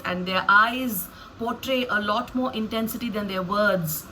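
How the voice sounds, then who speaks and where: A woman's voice: mid-range voice, measured pace, bright, forceful tone, slight background noise, rough recording. A woman storyteller reflecting on how she performs a story, thoughtful and musing with frequent hesitations. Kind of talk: reflective talk on her storytelling.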